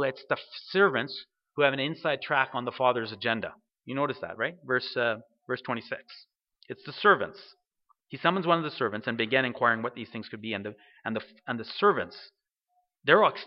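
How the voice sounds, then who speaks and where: A man's voice: mid-range voice, animated, a little fast, lo-fi sound. A man preaching a sermon, reading scripture aloud and putting questions to his listeners. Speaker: pastor.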